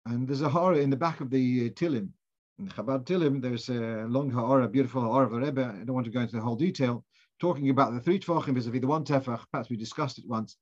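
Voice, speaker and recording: A man's voice: medium pitch, quick pace, a little mellow. A man teaching a Torah class in an informal lecture, thinking aloud, posing questions and often restarting his phrases. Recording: dull lo-fi recording.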